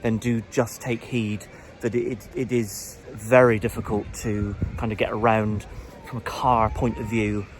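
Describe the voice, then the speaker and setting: A man's voice: lowish voice, flat delivery, a little slow, few pauses. A man hosting a casual walking vlog, rambling chattily with repeated words and restarts, filmed outdoors in a busy village at night on a handheld camera. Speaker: vlogger, host.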